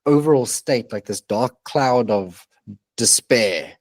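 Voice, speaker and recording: A man co-hosts a casual podcast conversation, coaching in an earnest, emphatic manner with the occasional swear word. His medium-pitched voice is slow with lively intonation, and the recording has no echo.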